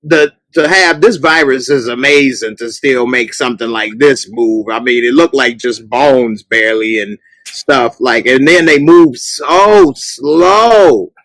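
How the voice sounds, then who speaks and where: This is a man hosting a laid-back talk show in a middle-pitched voice. He chats casually and now and then bursts into loud, animated rants aimed at TV characters. The sound is close and dry. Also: unhurried, no echo, low-quality recording. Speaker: podcast host. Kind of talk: casual chat.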